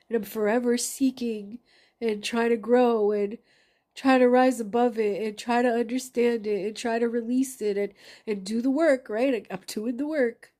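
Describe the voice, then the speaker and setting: A woman's voice: on the high side, steady tone, a little slow, pauses often, mellow. A woman in a confessional vlog monologue, talking in a raw, emotional way, full of anger and swearing. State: angry. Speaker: vlogger.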